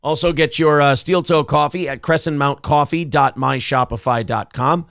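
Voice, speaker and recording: A man hosting a casual live-stream talk show, sarcastic and crude, reading out viewer donations and pitching for support. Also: moderate pace, a bit bright, smooth, dry recording, clean studio sound. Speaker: show host.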